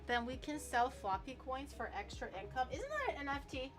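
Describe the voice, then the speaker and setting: A woman's voice: sits high, big pitch swings, brisk, over music. A young woman chatting casually while cooking on her stream, explaining each step and swearing now and then.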